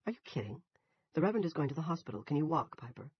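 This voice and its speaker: A man voicing a firm, sharp-tongued woman newspaper editor in an audiobook. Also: deep voice, very animated, very fast, slightly rough, lo-fi sound, pitched above the performer's own voice, heavily acted. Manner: firm, pointed.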